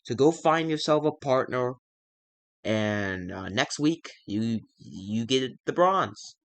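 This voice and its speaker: A man's voice: medium pitch, animated. A man voicing a tired male wrestling show boss who stammers and hedges, casually narrating a game. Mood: businesslike. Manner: halting, stammering.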